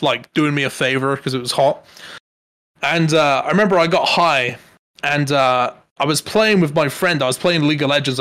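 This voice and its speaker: A young man, telling stories in a relaxed podcast chat. His voice sits a bit higher than most men's, and he keeps laughing and acting out the people he quotes. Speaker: podcast co-host. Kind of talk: casual storytelling chat.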